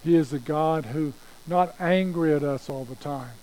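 A man's voice: a little high, normal speed, darkish tone, poor audio. A pastor preaching a conversational sermon, repeating phrases and restarting his sentences as he goes.

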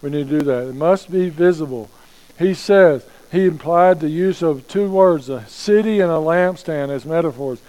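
A man preaching a sermon as pastor, slowing down to stress key phrases and asking rhetorical questions. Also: fairly high pitch, mellow, rough recording.

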